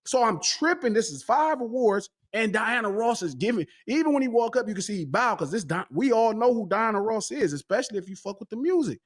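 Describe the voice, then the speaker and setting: A man tells a story in casual chat. His voice sits somewhat high and jumps around with lively pitch. He acts out the quoted dialogue as he goes. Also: fairly quick, hardly any pauses. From West Coast US. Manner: animated, excitable storytelling, acting out quoted dialogue. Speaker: podcast guest.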